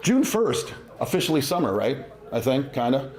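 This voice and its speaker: Amid a crowd in the background, a middle-aged man delivers a chatty, self-mocking comedy set to a live audience at a winery, putting on silly voices. His medium-pitched voice is sing-song at a normal speed, and the roomy venue echoes with laughter.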